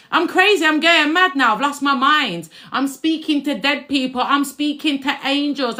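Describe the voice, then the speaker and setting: A woman's voice: a little high, a bit bright. A woman giving a casual live-stream tarot reading, chatty and brash, swearing freely and calling her viewers babes and collective.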